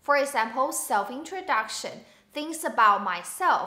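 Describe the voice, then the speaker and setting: A woman from Taiwan teaching a beginner's Mandarin lesson, her high voice bright and upbeat. She speaks clearly and slows down to model words and tones. The sound carries an echoey room around it. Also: animated. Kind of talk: online language lesson to camera.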